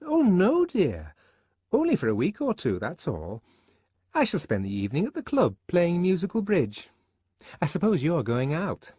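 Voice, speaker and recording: Male reader voicing a high, shrill, reproachful young woman, lively swoops, dry close sound. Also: moderate pace, breathy edge, dry recording, heavily acted. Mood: scolding. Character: prim gossiping young woman, scolding. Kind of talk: audiobook reading.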